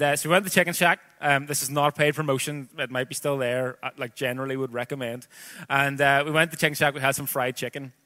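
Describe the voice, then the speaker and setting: A Northern Irish man in his thirties preaching a sermon, his voice bright and forward. He reads scripture and then slips into loose, chatty storytelling padded with casual asides. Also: medium pitch. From Northern Ireland.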